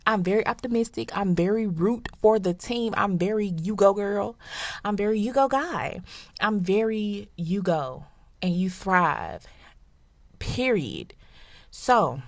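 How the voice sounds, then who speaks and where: A woman's voice: medium pitch, no echo. A young woman hosting her own podcast in a casual, playful chat, speaking straight to her listeners and jumping between tangents. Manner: animated, playful, talks to listeners directly, quick tangents. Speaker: podcast host.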